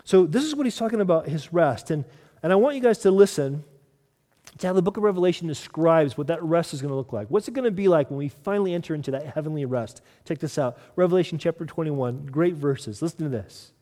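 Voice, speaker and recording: A man's voice: fairly high pitch, animated, quick pace. Earnest preacher man in a reverberant hall. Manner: earnest, repeats key phrases, drops to soft emphasis. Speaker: pastor. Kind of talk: sermon.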